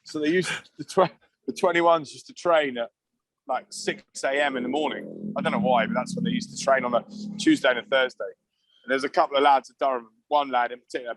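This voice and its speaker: A man from England, a podcast guest, telling loose, rowdy anecdotes at an average pitch. He swears freely and chuckles his way through the tales. The recording is dry and close, with no room sound. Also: no room sound. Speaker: podcast guest, former rugby player. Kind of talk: casual anecdotal storytelling.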